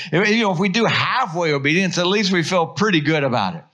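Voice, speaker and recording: Bright-voiced preaching man. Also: high voice, normal speed, few pauses. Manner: animated preaching, drops to soft hushed tones. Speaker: pastor. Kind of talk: sermon.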